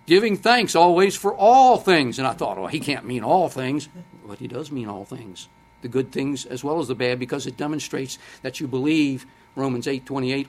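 An older man preaching a sermon, speaking conversationally, quoting scripture and putting questions to the congregation. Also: medium pitch.

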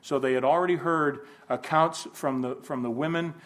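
A man's voice: on the high side, steady tone, normal speed, fairly bright tone. A man giving an informal Bible lesson, thinking aloud, asking rhetorical questions and adding folksy humor. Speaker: Bible class teacher.

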